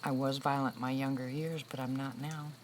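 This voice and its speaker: A woman's voice: extremely low pitch, flat delivery, brisk, a little mellow, slight background noise, rough recording. A woman in her sixties chatting casually with viewers on a livestream, telling stories and laughing often. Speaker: livestream host. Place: room with a loud air conditioner.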